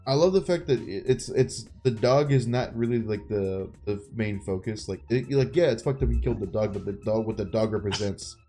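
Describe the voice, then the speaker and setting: Mellow dark-voiced guy on a podcast, cussing a lot, acting out movie scenes. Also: fairly low pitch, a little fast, few pauses, soft background music. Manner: swears freely, retells scenes with acted-out lines. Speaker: podcast co-host. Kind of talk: casual movie review chat.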